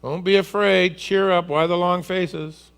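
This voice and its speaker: A man's voice: fairly high pitch, steady tone, very slow, voice pushed up. A man playing Jesus as a casual, teasing and reassuring figure calling out across a storm. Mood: teasing reassurance.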